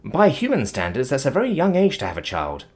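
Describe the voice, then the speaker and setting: Rich: An encouraging young reporter woman, as a male narrator lifts his voice for her. Polite and warm in wording, breathy in tone, and very animated. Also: mid-range voice, brisk, voice pushed up. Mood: friendly. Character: friendly young female journalist.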